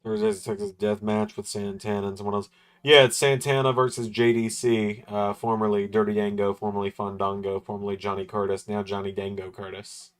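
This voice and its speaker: A man's voice: on the low side, level tone, fairly quick. A man hosting a livestream watch-along, chatting casually in a rambling, laid-back way with the occasional chuckle. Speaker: livestream host. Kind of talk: casual chat during a wrestling watch-along.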